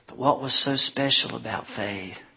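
Husky-voiced man preaching a sermon. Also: mid-range voice, unhurried. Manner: animated storytelling preacher, acting out crowds with shouts. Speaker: pastor.

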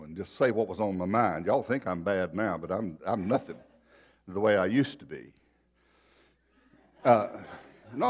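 Lively-voiced pastor. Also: male voice, medium pitch. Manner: folksy storytelling, shifting loud and soft. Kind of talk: sermon with personal story.

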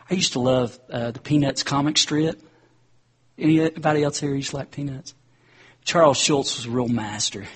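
A man's voice: medium pitch, steady tone, moderate pace, a bit bright, husky. A man preacher giving a conversational sermon and often calling his listeners "guys.". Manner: conversational, addresses the crowd as guys.

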